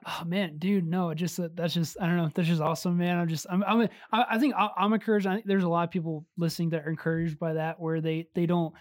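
A man's voice: a little high, level tone, quick pace, few pauses, no room sound. A man co-hosting a casual faith podcast, rambling and searching for his words as he asks questions. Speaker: podcast co-host.

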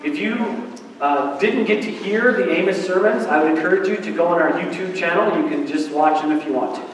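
Higher-voiced male pastor in an echoey hall. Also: brisk. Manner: conversational and playful, with repeated emphatic phrases. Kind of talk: sermon. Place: church sanctuary. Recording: echoey hall from far off, faint background hum.

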